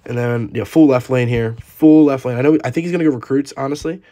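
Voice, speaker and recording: A young man giving live commentary over his own gameplay, excitable, swinging from quiet muttering to loud outbursts at the game. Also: medium pitch, quick pace. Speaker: gaming YouTuber.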